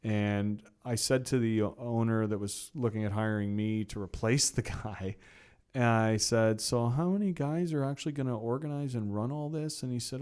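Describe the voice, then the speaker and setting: Man, middle-aged, casual storyteller, smooth clear voice, fillers, acts out conversations. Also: medium pitch, moderate pace. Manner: animated storyteller, acts out quoted exchanges, frequent fillers. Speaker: podcast guest.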